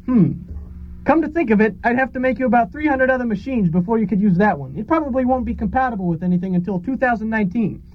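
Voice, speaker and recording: A man's voice: very high-pitched, quick pace, slight background noise. A man playing a brash, flirtatious male superhero in a comedy audio play, cheeky and cheerful. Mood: chipper. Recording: dull lo-fi recording.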